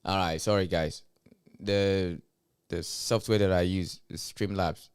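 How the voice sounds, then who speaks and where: A man's voice: low voice, fairly even intonation, unhurried, clear, resonant tone. A man streaming live, hosting a blunt, profane commentary rant with emphatic delivery.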